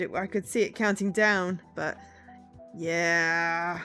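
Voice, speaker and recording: A young woman streaming a game, chatting casually and halting with restarts. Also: on the low side, fairly even intonation, fairly bright tone, soft background music. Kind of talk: casual live-stream commentary.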